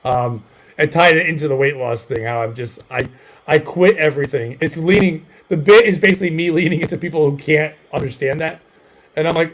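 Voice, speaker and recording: A man's voice: a little high, a little fast, a little hiss or hum, low-quality recording. A man hosting a comedy podcast, telling a rambling self-deprecating story full of fillers. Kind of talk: casual storytelling chat.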